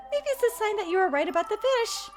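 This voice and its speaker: A woman voicing a gentle female cat cafe owner in a game, talking in a soft-hearted, anxious, pleading way. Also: very high voice, animated, normal speed, over music, pitched above the performer's own voice. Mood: friendly.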